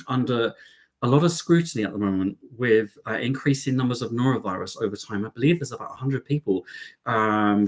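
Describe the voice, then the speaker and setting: A man from the United Kingdom hosting a live stream, talking to his viewers in a chatty, excitable way and calling them darling and lovelies. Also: mid-range voice.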